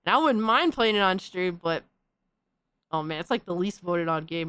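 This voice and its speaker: A woman hosting a stream, chatting casually and reacting with excitable, profane trash talk. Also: lowish voice, moderate pace, clean tone, dry recording. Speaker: streamer host.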